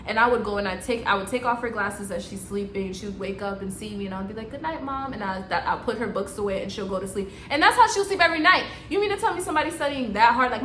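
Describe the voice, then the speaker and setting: A young woman nurse telling a personal story, animated and emphatic, with lots of "like". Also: mid-range voice, roomy sound, slight background noise. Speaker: nurse vlogger.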